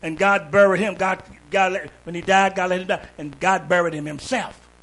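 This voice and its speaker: A man preaching a sermon in a church, calling out to the congregation and building up to shouts. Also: high-pitched, steady tone, moderate pace, poor audio. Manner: call-and-response preaching, rising to shouts.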